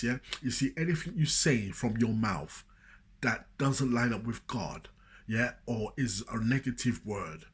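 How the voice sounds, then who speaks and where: A man's voice: mid-range voice, animated, a little slow, slightly rough. A man talking casually and preachily to camera, rambling and often repeating himself. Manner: rambling, repeats "you know what I'm saying"; preachy, emphatic. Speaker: motivational speaker. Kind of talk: casual spoken monologue.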